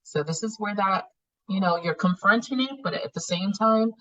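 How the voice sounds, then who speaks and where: A woman facilitating a spiritual healing class, coaching her students in a blunt, profane, animated way and laughing often. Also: mid-range voice, moderate pace, distant mic, dull audio. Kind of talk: live online class teaching.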